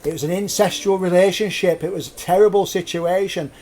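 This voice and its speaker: A man's voice: high voice, steady tone, brisk, a little mellow. A man hosting a live show, telling a grisly tale in a jokey, rambling way, laughing at his own puns and drifting off topic. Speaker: host. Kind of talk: live storytelling chat.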